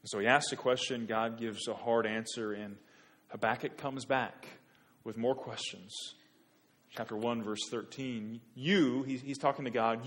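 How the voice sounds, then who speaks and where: Man preaching, hushed then pleading loudly. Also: mid-range voice, fairly even intonation, a little slow. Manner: swings from hushed to loud, pleading rhetorical questions. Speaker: pastor. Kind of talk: sermon.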